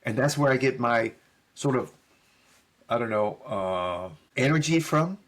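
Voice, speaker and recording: A man's voice: mid-range voice, measured pace. A middle-aged man, a podcast guest, telling stories in casual conversation and acting out the dialogue he quotes. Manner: animated storyteller who acts out quoted dialogue; casual, with frequent fillers and "right?" tags. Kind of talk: conversational storytelling.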